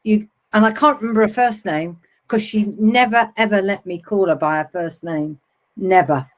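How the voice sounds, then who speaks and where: A woman's voice: mid-range voice, moderate pace. A middle-aged woman in casual conversation, reminiscing and telling anecdotes with a laugh. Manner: chatty, reminiscing, laughs at own stories. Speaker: web TV host.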